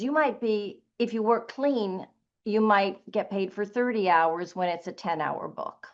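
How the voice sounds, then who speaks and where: A woman's voice: mid-range voice, a little slow. A woman audiobook narrator in a panel discussion, talking in an emphatic, opinionated way. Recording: dull lo-fi recording.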